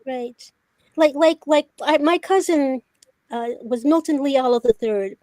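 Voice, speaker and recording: An older woman with a high, light voice tells stories in an animated way, slipping into the voices of the people she quotes. The sound is dry and close, with almost no room around it. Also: unhurried, dry recording. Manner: animated storyteller who acts out quoted dialogue. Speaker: veteran journalist, talk show guest. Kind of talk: casual storytelling.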